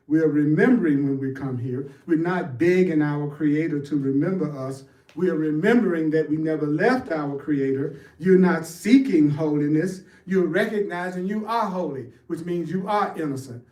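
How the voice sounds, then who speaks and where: A man's voice: a little high, darkish tone, recorded from a distance. A man giving a spiritual teaching talk, emphatic and repetitive, calling out to his audience to answer back. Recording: echoey room, voice from off-mic.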